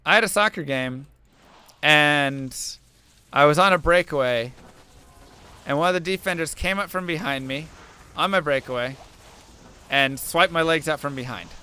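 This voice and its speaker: A man's voice: a little high, moderate pace, pauses often, sharp tone, slight background noise. A young man streaming to viewers, talking through an earnest, rambling story full of fillers as he chats. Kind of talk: casual chat while gaming.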